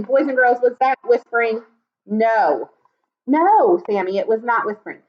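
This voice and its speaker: A woman teaching a video lesson to young children from home, talking in an animated, sing-song way. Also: fairly high pitch, measured pace, highs cut off. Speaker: kindergarten teacher.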